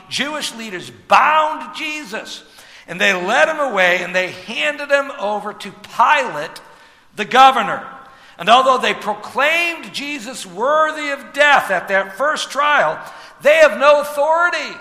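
A man preaching a sermon as pastor, animated, with rhetorical asides and sudden drops to a hush. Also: extremely high pitch, in a large hall.

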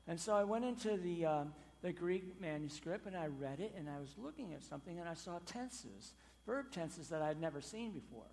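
A male pastor delivering a sermon in a church. His fairly high voice is emphatic, surging on key words and then sinking low and quiet. A long reverb from the large hall trails after every phrase. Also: animated, brisk, gravelly, hardly any pauses, slight background noise. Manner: emphatic, swinging between loud stresses and quiet drops.

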